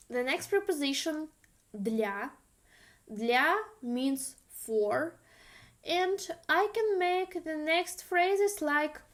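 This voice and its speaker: Woman, russian accent, language teacher, slow patient delivery, slightly high voice. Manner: patient, repeats phrases slowly for learners. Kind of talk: online language lesson.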